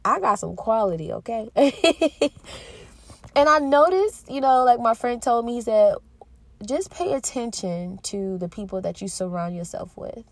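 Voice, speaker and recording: A woman in her thirties hosting a podcast, talking alone in an earnest, heartfelt way with pauses and restarts. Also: fairly high pitch, animated, dry recording. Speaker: podcast host. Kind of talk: reflective solo monologue.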